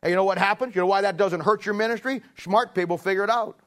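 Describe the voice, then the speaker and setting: A man preaching a sermon, emphatic and repetitive, swinging between loud emphasis and hushed, drawn-out lines. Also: sits high.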